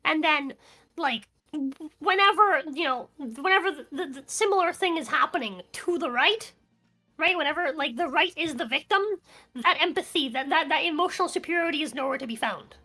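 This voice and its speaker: A woman's voice: sits high, lively intonation, fairly quick, pushed and bright, soft background music. A woman co-hosting a casual political news stream, talking heatedly and profanely with many restarts. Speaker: co-host of a news talk stream.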